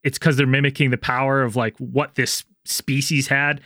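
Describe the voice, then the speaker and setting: A man with a mid-range voice passes along ideas he heard, padding them with fillers as he goes. The sound is close and dry. It sounds like relaxed talk among friends. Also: medium pitch, normal speed, dry recording. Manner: retelling ideas with fillers, laughs easily. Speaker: podcast co-host. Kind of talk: casual chat.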